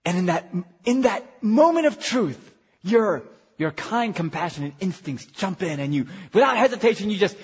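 Animated male pastor in reverberant hall. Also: high-pitched, a little fast, husky. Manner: animated, swings from hushed to shouting. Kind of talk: retreat sermon.

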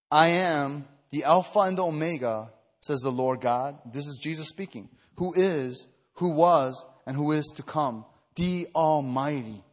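A man from the Chicago area preaching an evening retreat sermon, earnest and emphatic, telling personal stories with many fillers and restarts, and growing louder and higher when stirred. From Chicago area, USA. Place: retreat meeting hall. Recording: echoey hall reverb.

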